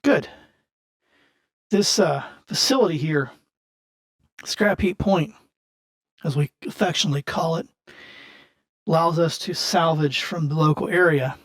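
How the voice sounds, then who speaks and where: Man playing a shady salvage-yard boss: smooth, businesslike, persuasive, slow over key words, tabletop game NPC. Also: on the high side, natural voice. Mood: smooth pitch.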